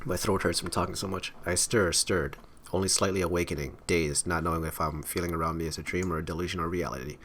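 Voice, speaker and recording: Man, very deep voice, reads game story aloud, wry side comments, faint hiss in the background. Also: fairly even intonation, fast talker, fairly bright tone. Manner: wry asides between dramatic narration. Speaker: game streamer. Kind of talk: reading game text aloud with casual commentary.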